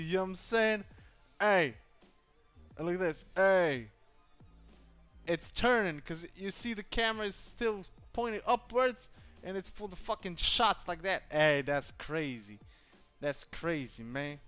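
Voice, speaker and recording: A man vlogging casually at home, talking aloud as he tries out a camera gimbal. He speaks in a loose, slangy, profane way and gets excited easily. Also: high voice, clean tone. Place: indoors at home.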